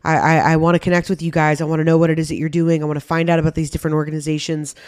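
A woman's voice: low voice, little pitch movement, very fast, darkish tone, no room sound, studio quality. A pregnant woman hosting a podcast, speaking in a candid, conversational monologue with casual swearing. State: heavily pregnant. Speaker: podcast host.

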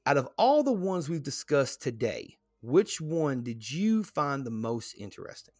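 A man chats loosely as a podcast co-host, rambling through fillers and restarts. His voice sits at an ordinary pitch. The sound is dry and close. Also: sing-song, unhurried, no echo. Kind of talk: casual podcast chat.

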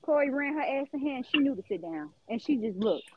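A woman with a high voice tells a story animatedly on a podcast, laughing as she goes and swearing freely. The recording sounds dull and lo-fi. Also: expressive, a little fast, slight background noise. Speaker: podcast co-host. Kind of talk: casual storytelling chat.

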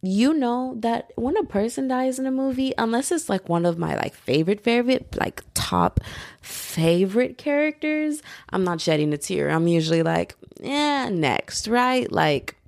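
A woman's voice: a little high, animated, moderate pace, creaky, darkish tone, no echo, studio quality. A young woman hosting her own podcast, chatting casually and animatedly with lots of fillers. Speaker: podcast host. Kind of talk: casual solo podcast chat.

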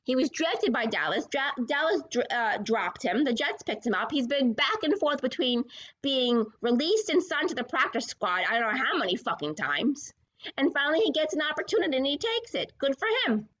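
High-voiced lady ranting about football, swoops all over, swears a lot, kinda dull lo-fi sound. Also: big pitch swings, moderate pace, a bit bright. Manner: combative, profane, sarcastic. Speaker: podcast host. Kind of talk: ranting sports podcast.

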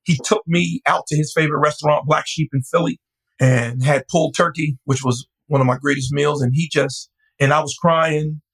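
A man, a pastor, telling his story in a lively, animated way, sometimes jumping to a high voice to quote a friend. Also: normal speed, slightly rough, low-quality recording. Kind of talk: storytelling in an interview.

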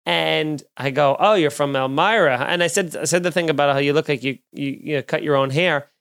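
A man, a comedian hosting a podcast, telling a story in a casual, animated way and acting out the other people's lines. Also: on the high side, brisk, gravelly, smooth. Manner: animated, acts out quoted voices.

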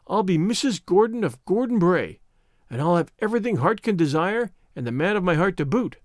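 A proud, hot-tempered young woman in a storybook, scolding imperiously with a high, lively voice, as a male reader voices her. It is recorded dry and close. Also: no echo. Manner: imperious, scornful.

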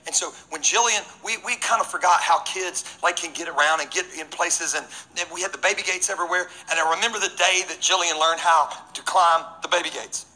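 A man preaching as pastor, energetic and joking, swinging between loud and hushed lines. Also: high-pitched, brisk, hardly any pauses, rough recording. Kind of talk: sermon.

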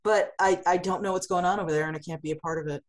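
A woman's voice: fairly low pitch, steady tone, rapid-fire. A woman who runs a comics publishing company, answering in an interview with vivid analogies and frequent restarts.

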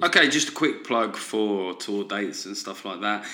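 A man's voice: lowish voice, expressive, a little slow, music in the background. A man hosting a solo comedy podcast, ranting sardonically and tossing in frequent "right?" asides. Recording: roomy echo.

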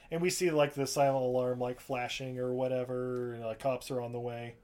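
A man's voice: medium pitch, level tone, brisk, few pauses, darkish tone. A man casually recapping a film on a podcast, rambling and swearing, often acting out the characters' lines. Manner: rambling, profane, acts out quotes. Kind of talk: casual chat.

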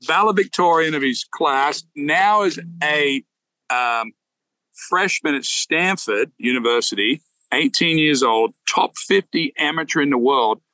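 A man's voice: on the high side, a little slow, sharp tone, no echo, poor audio. A man co-hosting a golf podcast, chatting casually in a playful, storytelling way with frequent restarts. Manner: storytelling, playful, self-interrupting. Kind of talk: casual chat.

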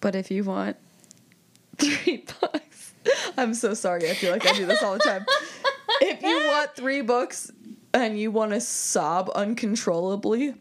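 A woman's voice: mid-range voice, lively intonation, measured pace, slight background noise. A woman co-hosting a book podcast in casual chat, wry and dry with emphatic bursts. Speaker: podcast co-host.

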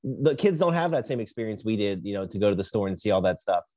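A man's voice: fairly low pitch, sing-song, fast, mellow, dry recording. Agreeable man on a dry mic. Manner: agreeable, emphatic, repeats words. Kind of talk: casual podcast chat.

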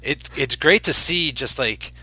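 A man co-hosting a movie podcast, talking in a relaxed, rambling way. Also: mid-range voice, a little slow, breathy edge. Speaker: podcast co-host. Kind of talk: casual movie review chat.

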